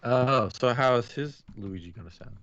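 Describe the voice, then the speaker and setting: Lively, jokey man on a dull lo-fi recording. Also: mid-range voice, normal speed. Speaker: podcast co-host. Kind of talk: casual chat.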